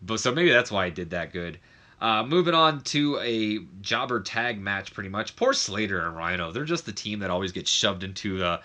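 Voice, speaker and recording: A man's voice: fairly low pitch, lively intonation, pushed and bright. A young man casually recapping a wrestling management game, chatty, with lots of fillers and self-corrections. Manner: does quick mock voices of others. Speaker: game commentator.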